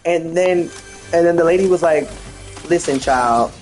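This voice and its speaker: Animated man chatting over a game. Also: fairly high pitch, normal speed, soft background music. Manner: animated storyteller, laughs often. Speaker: gaming streamer. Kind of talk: casual chat while gaming.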